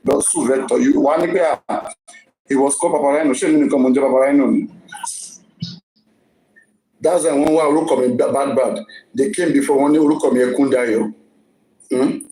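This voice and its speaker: A Nigerian man runs a casual live stream, talking emphatically and circling back over his own words. His voice is dark and mellow. It sits in a roomy space with a faint hum of noise behind him. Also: medium pitch, steady tone, brisk, pauses often. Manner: emphatic, repeats words often. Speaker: live-stream gossip host.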